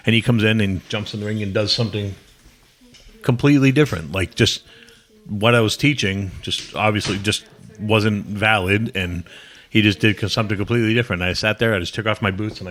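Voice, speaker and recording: Low-voiced man telling blunt rambling stories. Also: a little fast, a bit bright. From New England. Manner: rambling anecdotes, blunt and profane, acts out quoted lines. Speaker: podcast guest, former pro wrestler. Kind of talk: casual storytelling interview.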